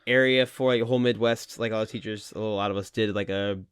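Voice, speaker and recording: A man co-hosting a podcast in casual chat, quick and laughing often, swearing freely. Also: on the low side, steady tone, clean tone, dry recording, clean studio sound. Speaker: podcast co-host.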